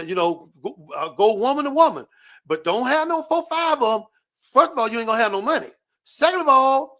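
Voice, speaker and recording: A man hosting a show, giving a loud, profane comedic rant full of repeated catchphrases. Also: very high-pitched. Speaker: show host.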